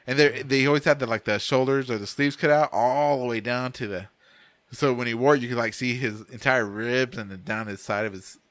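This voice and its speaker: A man's voice: medium pitch, fairly quick, fairly bright tone, dry recording. A young adult man casually telling a crude story on a podcast, swearing a lot and laughing through it. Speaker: podcast co-host.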